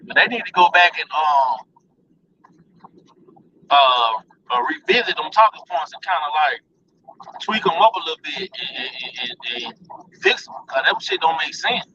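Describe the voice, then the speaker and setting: A man's voice: on the high side, animated, measured pace, long pauses, recorded from a distance, lo-fi sound, background noise. A man ranting bluntly and profanely to his viewers in a casual vlog. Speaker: vlogger.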